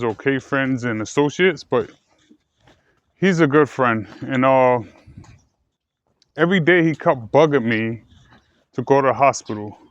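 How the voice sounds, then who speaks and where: Halting man telling a personal story. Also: mid-range voice. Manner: halting, repeats himself, many fillers. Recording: dull, dry lo-fi sound.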